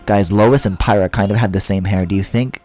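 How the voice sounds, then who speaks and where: A man with a fairly low, darkish, steady voice talks fairly fast while streaming a video game. Faint game music sits under his sarcastic, profane, rambling let's-play chatter.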